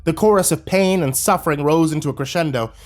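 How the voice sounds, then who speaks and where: A man narrating a horror story in a steady storytelling delivery. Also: on the high side, fast, soft background music.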